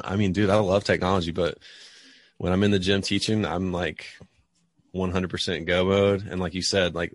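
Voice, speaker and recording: A young man, a PE teacher and parent, answering interview questions in a relaxed, chatty way. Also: sits low, dry recording. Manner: relaxed, chatty, says dude and like a lot.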